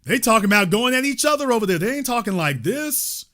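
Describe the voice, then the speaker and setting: A male host giving livestream political commentary in an animated, emphatic way, with mild cursing and the odd shout. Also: very high-pitched, fast.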